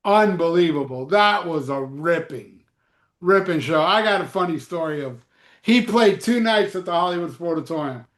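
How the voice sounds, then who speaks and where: A man chatting casually as a podcast host, telling animated stories and swearing freely. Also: on the high side, moderate pace, echoey room. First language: Spanish. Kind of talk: casual chat.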